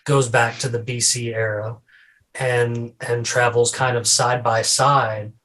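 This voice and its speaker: A man's voice: mid-range voice, level tone, takes it slowly, pushed and bright, poor audio. A man hosting a casual podcast, talking loosely with repeated words and restarts. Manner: rambling, repeats words, tells corny jokes. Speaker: podcast host.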